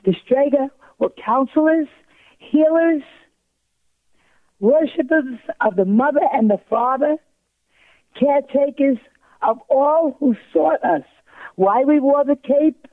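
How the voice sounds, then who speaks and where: A woman's voice: fairly high pitch, dry recording. Older woman on a tinny phone line. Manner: emphatic, repetitive, acts out quoted voices. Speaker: guest. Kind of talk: storytelling in a talk-show interview.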